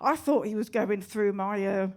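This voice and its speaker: A woman performing a deadpan stand-up set in a basement comedy club. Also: medium pitch, normal speed.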